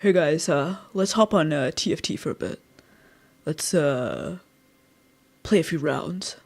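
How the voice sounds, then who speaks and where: A woman voicing a laid-back young male gamer e-boy, with a husky, drawling way of talking. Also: deep voice, animated, a little slow, voice pushed down, exaggerated voice. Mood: chill.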